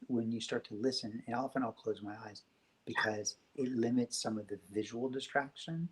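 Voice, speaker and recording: A man speaking as a guest in a reflective spiritual conversation, soft, gentle and unhurried. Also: mid-range voice, low-quality recording. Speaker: podcast guest.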